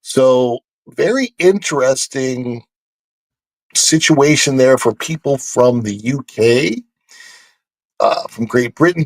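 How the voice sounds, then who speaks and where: A man hosting a casual theme-park news livestream, animated and joking as he talks to his chat. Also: on the high side, no echo.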